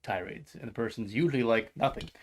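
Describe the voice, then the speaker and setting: A man's voice: mid-range voice, lively intonation, quick pace. A man from New York co-hosting a podcast, telling profane, ranting anecdotes and acting out the quotes. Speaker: podcast co-host. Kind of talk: casual chat, storytelling.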